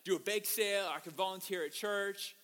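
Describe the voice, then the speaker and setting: A man's voice: high-pitched, fairly quick, a bit bright, clean tone. A man voicing an earnest, musing woman. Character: earnest woman wanting to help her community.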